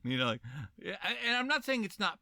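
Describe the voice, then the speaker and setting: A man's voice: sits high, quick pace, dry recording, clean studio sound. A man co-hosting a movie podcast, chatting casually and rambling with lots of fillers. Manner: rambling, animated, many fillers. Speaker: podcast co-host.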